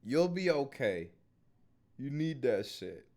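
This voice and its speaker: A man's voice: medium pitch, big pitch swings, slow. A man streaming casual reactions, joking and swearing loosely as he talks to his chat. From Minnesota.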